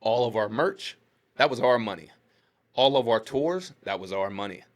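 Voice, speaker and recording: Animated man telling a story. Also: normal speed. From Pittsburgh, USA. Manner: animated retelling, acts out quotes with rising pitch. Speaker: podcast guest. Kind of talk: storytelling in casual chat.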